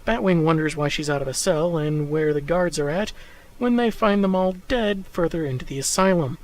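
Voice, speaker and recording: A man's voice: a little high, moderate pace, rough recording. A man recapping comic book issues in scripted narration, with dry, sarcastic asides.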